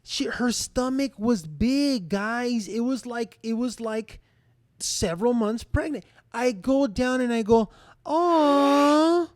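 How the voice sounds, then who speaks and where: A young man in his twenties co-hosting a podcast, telling an embarrassing story in a rambling, animated way full of fillers and restarts. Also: very high-pitched, a little slow, no echo, studio quality. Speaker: podcast co-host. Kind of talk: casual storytelling.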